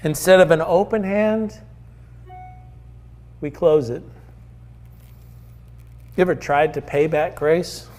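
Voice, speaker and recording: A man's voice: fairly high pitch, slow, long pauses, darkish tone. A male preacher giving a sermon in an earnest, conversational storytelling manner.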